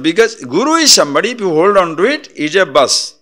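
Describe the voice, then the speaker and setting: A man's voice: high voice, sing-song, fairly quick, a bit bright. A man giving a spiritual discourse as a teacher, blunt and teasing, full of rhetorical questions.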